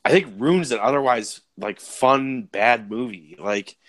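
A man co-hosting a casual movie review podcast, talking in an animated, wry and profane way. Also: mid-range voice, measured pace, no room sound. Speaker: podcast co-host.

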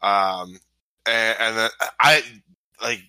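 A man's voice: mid-range voice, expressive, moderate pace, bright, forceful tone, no room sound, poor audio. A man in a casual, swear-laden conversation about a film, full of fillers and restarts. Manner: loose, profane, filler-heavy. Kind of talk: casual movie discussion.

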